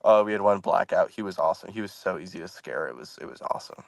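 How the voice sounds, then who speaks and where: Male podcast guest, low dry voice, animated storyteller who keeps saying "man". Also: quick pace, vocal fry, no room sound. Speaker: scare actor guest.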